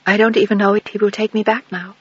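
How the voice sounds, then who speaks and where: A man voicing a gentle grown woman who pleads with her sister in a quiet, earnest way. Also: high voice, little pitch movement, fast talker, husky, no room sound, pitched above the performer's own voice. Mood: pleading. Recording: dull lo-fi dry recording.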